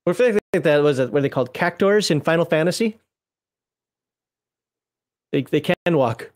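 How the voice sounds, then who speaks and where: In a laid-back conversation about a game book, this co-host reads out rulebook entries and keeps interrupting them with laughs and jokes. The voice is middle-pitched, the talk unhurried and easy.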